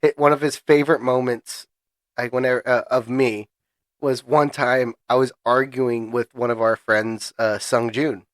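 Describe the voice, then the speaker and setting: A man's voice: mid-range voice, fairly even intonation, normal speed, fairly bright tone, dry recording. A young man co-hosting a podcast in casual chat, joking and laughing often. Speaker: podcast co-host.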